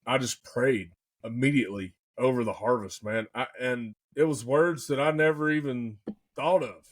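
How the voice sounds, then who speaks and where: A young man, excitedly telling a hunting story in casual podcast chat, full of folksy slang. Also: medium pitch, normal speed.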